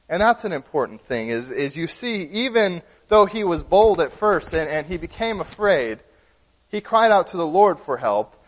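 A man's voice: high-pitched, long reverb tail. A man preaching a sermon in an earnest way, often restarting and repeating words as he explains.

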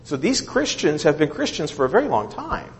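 A man leads a Bible study, talking through scripture and checking in with his listeners after each point. His pitch swings widely as he goes. The voice carries the long reverb of a large hall. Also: a little fast, a little hiss or hum. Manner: animated, keeps asking okay and right.

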